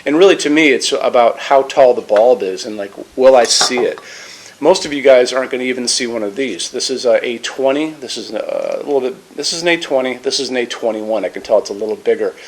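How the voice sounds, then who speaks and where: A man from the United States demonstrates a lamp as a lighting store presenter, speaking in a mid-range voice a little fast. He's casual and enthusiastic, with many fillers and restarts.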